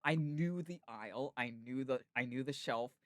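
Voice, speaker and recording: A man's voice: mid-range voice, normal speed, no echo, clean studio sound. Chatty man telling rambling stories. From United States. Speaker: podcast host. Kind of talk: casual chat.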